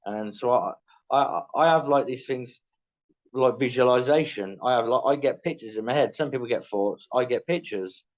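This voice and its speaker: A man's voice: mid-range voice, normal speed, muffled recording. A middle-aged English man telling his life story candidly in casual interview talk, often acting out what people said to him. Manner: candid, self-mocking, acts out quoted dialogue.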